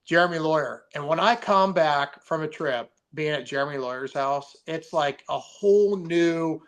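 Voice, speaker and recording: A man's voice: fairly high pitch, normal speed. Slangy laid-back man. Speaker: pro angler guest. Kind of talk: casual podcast chat.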